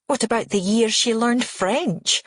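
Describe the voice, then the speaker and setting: A woman's voice: on the high side, measured pace, husky, dry recording, studio quality, voice pushed up. A woman doing a bitter, sneering aunt. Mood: contemptuous. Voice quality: sneering, contemptuous. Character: disapproving older aunt, bitter and scornful.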